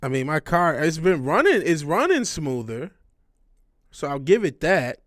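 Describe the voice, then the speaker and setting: A man's voice: on the high side, sing-song, unhurried, fairly bright tone, no echo, studio quality. A man in his thirties talking casually to a livestream audience, rambling and frank, swearing often and restarting his sentences. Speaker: livestream host.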